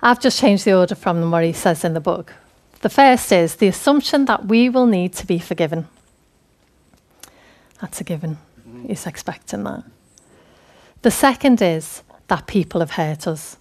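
A woman's voice: on the low side, expressive, normal speed, darkish tone. A woman giving a conversational, earnest sermon. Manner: conversational, earnest, laughing often. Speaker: preacher.

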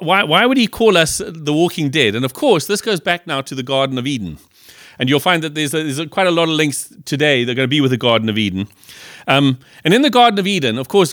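A man's voice: fairly high pitch, fairly bright tone, no room sound, studio quality. A middle-aged man from Liverpool preaching a sermon in a conversational way, stumbling and restarting often while asking the congregation questions. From Liverpool, England. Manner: conversational with many restarts and fillers.

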